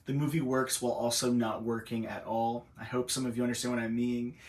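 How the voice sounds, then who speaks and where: A man's voice: mid-range voice, little pitch movement, fairly quick. Chatty man giving frank film picks. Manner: chatty and frank, with laughs and fillers. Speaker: bookstore owner reviewing films. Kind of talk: casual video review.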